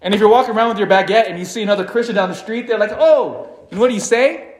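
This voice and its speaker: Animated male preacher, slightly high voice. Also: fast, roomy sound. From Philippines (family). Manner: animated, dramatic swings between loud emphasis and quiet asides. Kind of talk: sermon.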